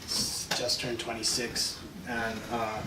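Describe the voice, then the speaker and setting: A man's voice: mid-range voice, monotone, takes it slowly. A man in his fifties with a Californian accent, telling rambling travel stories in a casual interview, often laughing. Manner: laid-back, rambling, laughs often, acts out voices in anecdotes. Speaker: interview guest, former pro surfer. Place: large echoey room at a live event. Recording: distant mic, roomy echo, noisy ambience.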